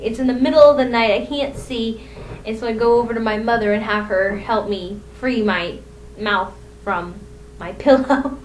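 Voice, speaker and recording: A young woman telling rambling, self-deprecating stories from her own life in a casual vlog. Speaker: vlogger. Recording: echoey room, distant mic, faint rumble.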